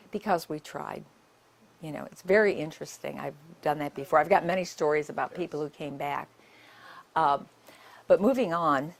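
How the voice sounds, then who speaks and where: A woman's voice: low-pitched, vocal fry. An older woman, a nurse, giving a public talk and telling her stories in a conversational way with many asides.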